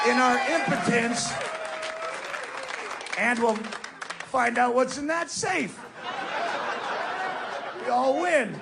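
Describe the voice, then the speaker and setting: Gravelly ranting comedian man on stage. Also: extremely high pitch, heavy background noise. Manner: ranting, sarcastic, profane. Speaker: stand-up comedian. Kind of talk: stand-up comedy set. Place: live comedy venue with audience. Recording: live stage recording with crowd.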